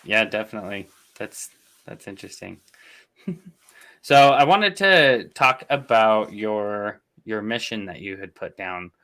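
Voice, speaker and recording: A man's voice: fairly low pitch, measured pace, fairly bright tone. A man hosting an interview show, asking rambling questions with many fillers. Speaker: host. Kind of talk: casual interview chat.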